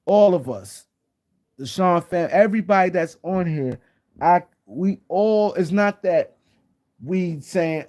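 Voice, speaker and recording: Mellow-voiced man ranting on a live stream. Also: high voice, animated, moderate pace. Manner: rambling, repeats himself, speaks to chat viewers. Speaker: sports talk show host. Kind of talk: casual live-stream commentary.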